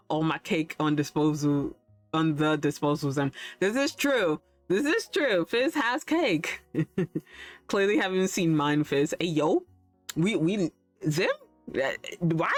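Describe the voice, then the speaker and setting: Laughing, swearing woman streamer, lowish voice. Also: dry recording. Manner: laughs often, swears casually, rambling. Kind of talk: casual live-stream chat.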